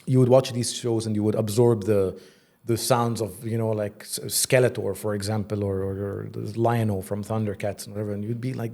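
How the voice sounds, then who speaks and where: A man's voice: on the low side, brisk. A man in his forties, a voice actor and creative director, telling stories animatedly in a casual interview, often laughing. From Egypt. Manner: animated storyteller, slips into mock accents and laughs.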